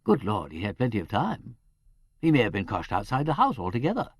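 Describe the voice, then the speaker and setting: A man reading an audiobook, voicing an aristocratic gentleman detective who speaks lightly and ironically. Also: on the low side, huge pitch swings, brisk, husky, dry recording, studio quality, pitched below the performer's own voice, exaggerated voice. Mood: light ironic.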